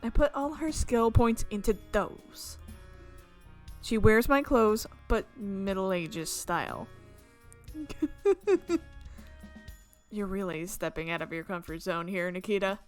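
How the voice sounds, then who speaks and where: A woman's voice: mid-range voice, takes it slowly, pauses often, soft background music. A young woman, a gaming YouTuber, playfully reading a visual novel aloud and giving each character a voice.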